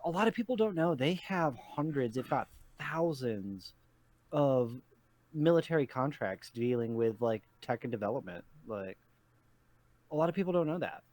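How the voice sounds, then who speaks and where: A man's voice: mid-range voice, expressive, normal speed, a little mellow, no echo. Man ranting with heavy swearing. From New York state. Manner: heated, swearing ranter. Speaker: podcast co-host. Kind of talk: casual chat.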